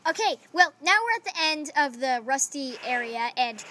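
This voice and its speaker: High-voiced bossy young woman host. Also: lively intonation, moderate pace, pushed and bright. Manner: bossy, scolding the others to stay on topic; rambling, eager explaining. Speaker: podcast host. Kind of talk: casual chat among friends. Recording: noisy home recording.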